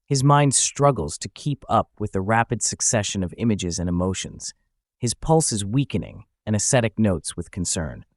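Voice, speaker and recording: A man narrating a comic recap in a lowish voice. He tells it with lively, rising and falling pitch. The sound is dry and close to the mic. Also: moderate pace, no echo.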